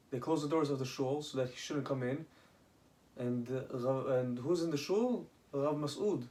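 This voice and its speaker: A man casually retelling rabbinic stories, halting, with many restarts and Hebrew terms. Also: medium pitch. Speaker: storyteller.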